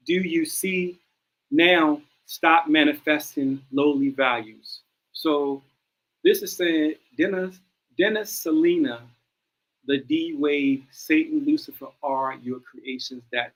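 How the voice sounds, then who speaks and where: A man hosting a livestream, reading out phrases and commenting on them in an animated way, often repeating lines as he reads. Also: a little high, rough recording. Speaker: livestream host.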